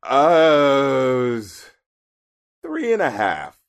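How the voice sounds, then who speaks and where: A man co-hosting a casual album review chat, animated, laughing often and swearing casually. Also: medium pitch, extremely slow, creaky, clean tone. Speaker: podcast co-host reviewing an album.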